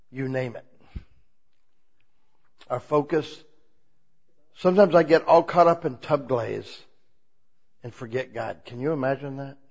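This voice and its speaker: A man preaching an informal, conversational sermon, asking the congregation many questions and swinging between quiet asides and loud, emphatic lines. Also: mid-range voice, muffled recording. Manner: asks the listeners many rhetorical questions.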